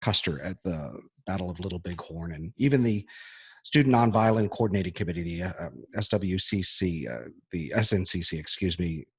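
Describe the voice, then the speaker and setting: A man, a history teacher, talking earnestly and emotionally to his students, pausing often with fillers. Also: low voice, animated, breathy edge, dry recording, clean studio sound. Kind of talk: heartfelt scripted-free address to students.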